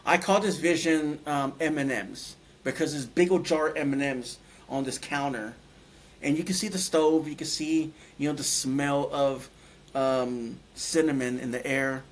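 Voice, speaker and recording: A man with a voice a little higher than most shares a personal experience as an interview guest. He speaks in halting phrases, often restarting and searching for words. His delivery is plain personal storytelling. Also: fairly even intonation. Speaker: guest recounting a near-death experience.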